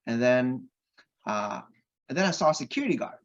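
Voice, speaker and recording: A man, a podcast guest, telling a personal anecdote in an animated way and acting out the voices of the people in it. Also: medium pitch, normal speed, lo-fi sound. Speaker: podcast guest, real estate investor.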